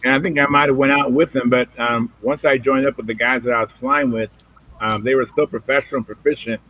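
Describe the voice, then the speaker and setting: A man's voice: mid-range voice, fairly even intonation, fast talker. A man hosting a casual video hangout, talking in a rambling way with lots of fillers over a video call. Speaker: host of a hobby video hangout. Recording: tinny phone-like audio.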